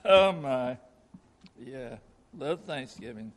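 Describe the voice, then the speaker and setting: A male pastor giving a sermon, moving from a lively recited poem into earnest preaching in a church auditorium. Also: on the high side, unhurried, gravelly, pauses often. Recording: long reverb of a large hall.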